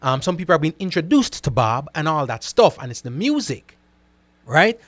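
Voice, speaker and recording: A man hosting a casual live stream. He reads out viewer comments and answers them in an animated way, often repeating himself and checking in with "right?". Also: on the high side, normal speed, dry recording. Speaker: host reading live chat comments.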